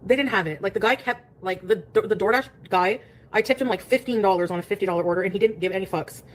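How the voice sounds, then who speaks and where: Female streamer, fast crude rambling complaints, faint background hiss. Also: medium pitch. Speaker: food streamer in a played clip. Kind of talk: casual vlog monologue.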